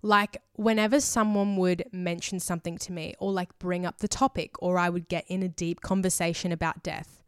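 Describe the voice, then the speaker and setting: A woman's voice: fairly low pitch, fairly bright tone, clean tone, no echo, studio quality. A woman hosting a solo podcast, talking in a rambling, emotional way full of fillers and casual swearing. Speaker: podcast host.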